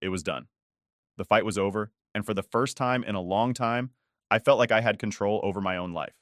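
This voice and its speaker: A man narrating a first-person online story in a measured, steady reading. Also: lowish voice, no echo, clean studio sound.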